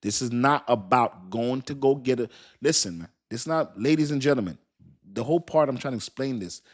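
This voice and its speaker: A man's voice: medium pitch, animated, brisk. A man hosting a live crypto stream, talking to his viewers in a loose, slangy and rambling way with many restarts. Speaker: crypto channel host. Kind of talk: casual livestream talk to viewers.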